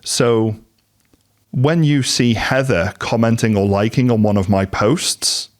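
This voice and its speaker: A man hosting a relaxed business podcast, his voice sitting fairly low. He chats easily, with plenty of ums, and slips into little quoted voices to act out what other people say. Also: slow pace. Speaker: podcast host. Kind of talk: casual business interview chat.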